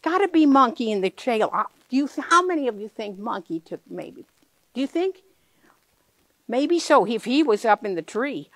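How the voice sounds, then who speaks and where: A woman's voice: on the high side, sing-song, normal speed, fairly bright tone, dry recording. A woman reading a picture book aloud to children, playful and full of questions for her listeners.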